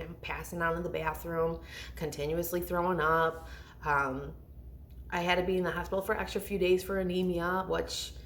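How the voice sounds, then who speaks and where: Candid, rambling mom vlogger with a low voice. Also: female voice. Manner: rambling, heartfelt, self-interrupting. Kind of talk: candid confessional vlog storytelling.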